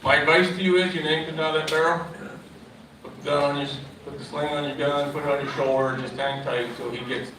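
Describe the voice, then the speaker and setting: A man's voice: fairly high pitch, level tone, fairly quick. A man emceeing a live event, rattling off prize details in a salesy way. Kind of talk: live promotional announcing. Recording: echoey, distant mic, background noise.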